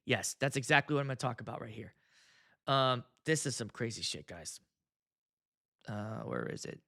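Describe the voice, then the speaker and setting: Man in his 30s, wedding DJ, bright lively voice, blunt and swears freely. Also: medium pitch, normal speed, gravelly. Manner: animated, blunt, profane. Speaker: wedding DJ and video host. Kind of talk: casual monologue.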